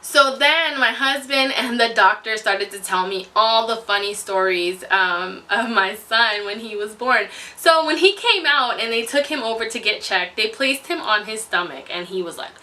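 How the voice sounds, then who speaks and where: A woman's voice: a little high, moderate pace, few pauses, pushed and bright. A young adult woman vlogger telling her story in an effusive, chatty way, full of exclamations. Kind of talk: casual storytelling to camera. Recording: voice distant from the mic.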